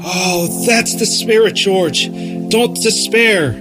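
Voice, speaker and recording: Radio play: actor as a calm, patient angel, soft-spoken with music underneath. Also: male voice, high voice, takes it slowly. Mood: gentle. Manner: calm, gently explaining. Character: gentle, patient male guardian angel. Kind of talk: live radio play acting.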